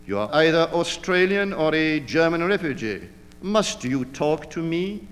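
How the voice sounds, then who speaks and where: A man's voice: a little high, animated, measured pace, a bit bright, long reverb tail. A man reading an audiobook, voicing a drunken, blustering man with a drawling, oddly feminine manner. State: drunk and rambling. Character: drunken blustering man, effete, mocking and evasive.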